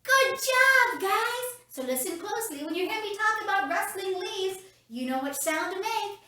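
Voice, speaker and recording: A woman's voice: very high-pitched, animated, normal speed, fairly bright tone, a little hiss or hum. A woman leading kids' story time from her home, upbeat and talking straight to the children. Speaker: children's ministry leader. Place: at home, roomy indoor space. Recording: very echoey room, mic at a distance.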